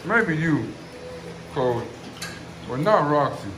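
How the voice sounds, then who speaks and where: Man coaxing his dogs, lively pitch. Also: slow pace. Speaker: dog owner filming his dogs. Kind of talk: casual vlog commentary. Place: at home among feeding dogs. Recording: roomy echo, clear background noise. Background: dogs eating and moving about.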